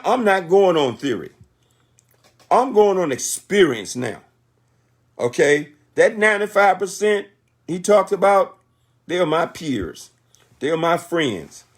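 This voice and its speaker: A man in his sixties giving a motivational talk on a conference call, emphatic and repetitive like a sermon. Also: on the high side. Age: 60s.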